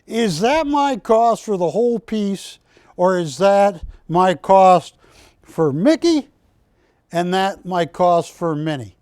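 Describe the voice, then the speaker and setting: A man's voice: high voice, darkish tone, dry recording. A man hosting a live shopping channel broadcast, selling art with chatty, jokey banter from a studio. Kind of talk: live TV sales pitch.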